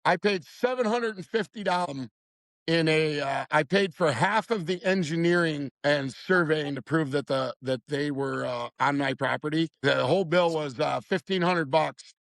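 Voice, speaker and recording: A man's voice: on the high side, moderate pace, creaky, a bit bright, dry recording. A man in his fifties telling a story as a podcast guest in a blunt, heated, profane way. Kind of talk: casual storytelling chat.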